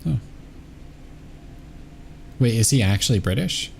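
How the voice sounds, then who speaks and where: A man's voice: medium pitch, animated, measured pace, creaky, a little hiss or hum. A man from the United States chatting casually while gaming, hesitant and laid-back, with frequent ums and restarts.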